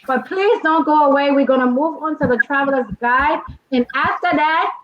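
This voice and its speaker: A woman's voice: high-pitched, moderate pace. A woman co-host making an upbeat segue and addressing the viewers. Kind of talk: casual talk-show segue. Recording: dull lo-fi with clear noise.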